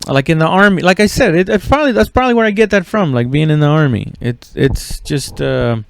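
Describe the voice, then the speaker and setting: A man's voice: a little high, animated, a little fast, creaky, no echo. A man hosting a comedy podcast, rambling and swearing casually with lots of fillers and laughs. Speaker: podcast host.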